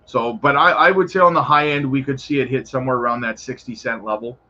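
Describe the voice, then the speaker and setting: A man's voice: mid-range voice, quick pace, bright, forceful tone, highs cut off. Chummy male crypto livestream host. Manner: laid-back, chummy, calls viewers brother. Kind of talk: casual live chat reading viewer questions.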